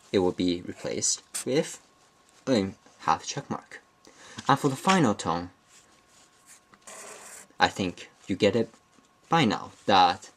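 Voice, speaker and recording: Guy teaching a beginner lesson, slow and careful, kinda low voice, fixes his words as he goes. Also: a little hiss or hum. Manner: deliberate, methodical, restates and corrects himself mid-phrase. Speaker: language teacher. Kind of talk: slow explanatory lesson narration.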